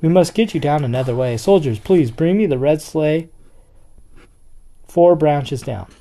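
A storyteller voicing a gentle but firm female guardian angel on a Christmas tree, speaking in a calm, measured, kindly stern way. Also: medium pitch, close to an everyday voice. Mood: urgent.

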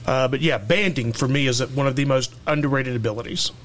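A man hosting a podcast in casual chat, relaxed and easygoing. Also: mid-range voice, a little fast, a little hiss or hum. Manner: relaxed, easygoing, many fillers. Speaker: podcast host.

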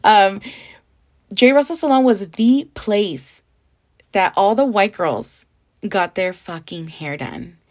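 A young adult woman from the Southern California desert, hosting a casual solo podcast in a candid, chatty way that mixes in Spanish and swearing. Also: on the high side. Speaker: podcast host.

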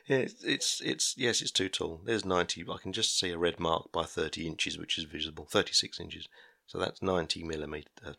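Deep gravelly man in his fifties. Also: pushed and bright, dry recording. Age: 50s. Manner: rambling, easily sidetracked, chuckling at himself. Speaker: podcaster. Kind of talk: casual solo monologue. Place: garden shed workshop.

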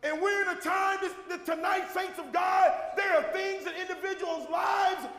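A man preaching a sermon as pastor, with a Southern American accent, shouting and repeating refrains to a responding congregation. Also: very high-pitched, steady tone, moderate pace, a crowd in the background, background noise. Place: church sanctuary with congregation. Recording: echoey hall recording.

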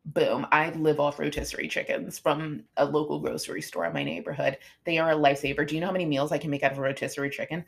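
A middle-aged woman who coaches fitness hosts a podcast, talking in a casual, motivational, chatty way and animatedly acting out lines her students say. Her voice is low and creaky, and she talks fast with hardly any pauses.

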